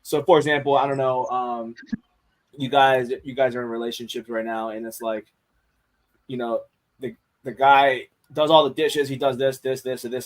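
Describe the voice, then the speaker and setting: A man in casual podcast chat, speaking candidly with frequent swearing and restarts. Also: mid-range voice. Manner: candid, profane, many restarts.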